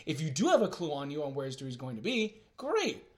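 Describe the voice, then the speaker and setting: This is a ruthless male killer bent on vengeance, voiced by a man retelling a story. He speaks bluntly and boastfully, in a fairly high voice. His delivery is blunt and flatly sure of himself. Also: brisk. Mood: cocky.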